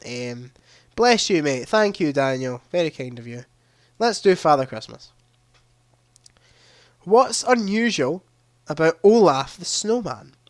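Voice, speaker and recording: A man's voice: a little high, big pitch swings, measured pace, pauses often, no echo. A young man hosting a live-streamed quiz, chatting casually into a headset mic and reading questions aloud with a ready laugh. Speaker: livestream quiz host.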